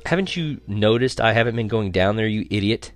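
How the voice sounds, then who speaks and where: A man voicing a moody, snappish teenage older sister with a sharp, scornful delivery. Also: fairly low pitch, lively intonation, brisk, no room sound, lightly acted.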